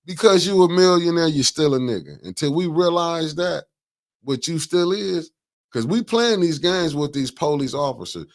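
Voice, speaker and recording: A man hosting a casual political talk show, talking in an animated, emphatic way, repeating words and cutting in. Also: a little high, moderate pace. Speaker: host.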